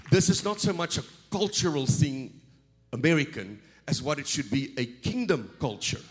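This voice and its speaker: A middle-aged man from South Africa preaching as a guest speaker. His voice sits a bit high for a man, and he stumbles over and repeats words as he builds. He keeps rising into loud, animated bursts. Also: normal speed, soft background music, some chatter behind. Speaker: visiting preacher. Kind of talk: sermon.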